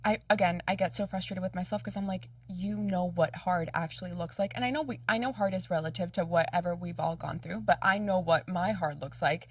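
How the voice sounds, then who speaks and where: A woman's voice: on the low side, a little fast, few pauses, no echo, far from the mic. Reflective woman podcast host. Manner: thoughtful, self-reflective, agreeing asides. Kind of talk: casual chat, personal reflection.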